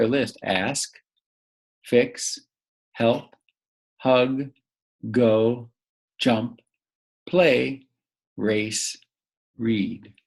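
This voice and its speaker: A man patiently teaches young children a recorded grammar lesson, prompting them to pause and answer. His mid-range voice is creaky and husky.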